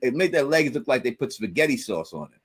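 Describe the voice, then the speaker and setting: Animated man repeating words on a stream. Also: mid-range voice, fast talker, slightly rough. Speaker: co-host. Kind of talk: casual livestream chat.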